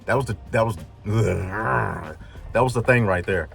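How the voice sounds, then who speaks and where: A man's voice: on the low side, a little slow, vocal fry, a bit bright, faint music behind. Rambling casual male vlogger. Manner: rambling, full of "like" fillers, retells dialogue. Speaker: vlogger, truck builder. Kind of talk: casual storytelling.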